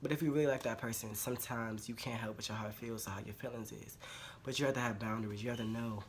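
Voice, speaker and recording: A vlogger speaking in a mid-pitched voice, giving blunt, slangy relationship advice straight to camera. They hammer points home by repeating phrases. Clear background noise runs under the home recording. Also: fairly even intonation, fast talker. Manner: informal slangy speech with swearing. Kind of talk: casual advice monologue to camera.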